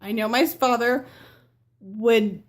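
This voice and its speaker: A woman's voice: fairly high pitch, slow. A teenage girl telling a personal story to camera in a rambling, casual way, full of fillers and restarts. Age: teens. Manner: chatty, rambling with fillers and self-corrections; acts out family members' lines in quotes. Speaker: vlogger.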